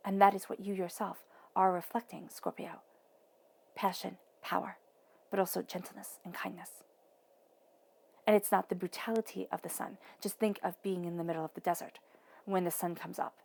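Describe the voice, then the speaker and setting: Woman, tarot reader, gravelly mellow tone, soothing delivery with whispered emphasis. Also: on the low side, steady tone, a little fast. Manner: playful asides, acts out voices in quotes. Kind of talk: intuitive tarot reading monologue.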